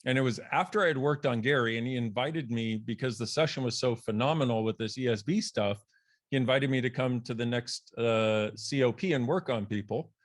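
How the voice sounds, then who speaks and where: Animated man telling a story. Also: fairly quick. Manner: animated, laughs, swears, acts out quoted voices with big pitch jumps. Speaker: author and guest. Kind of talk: storytelling in a podcast conversation.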